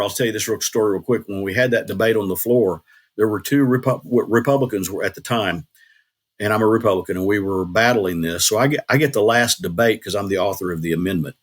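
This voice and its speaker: Plain-spoken older man, low voice. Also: fairly quick, husky. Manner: earnest, plain-spoken storytelling with restarts. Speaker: guest, former state legislator. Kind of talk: casual interview talk.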